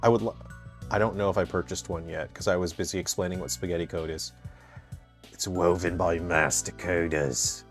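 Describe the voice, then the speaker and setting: A man's voice: low voice, fairly even intonation, fast, soft background music. A man, a game developer, talking casually over his gameplay, rambling off into long explanations and often correcting himself. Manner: rambling, digressive, explains terms at length; frequent restarts and self-corrections. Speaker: game developer playing and commenting.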